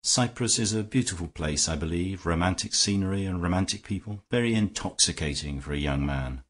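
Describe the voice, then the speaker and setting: Mild, measured gentleman detective, low husky voice, played by a male narrator. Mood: calm, mild. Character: calm, shrewd gentleman detective.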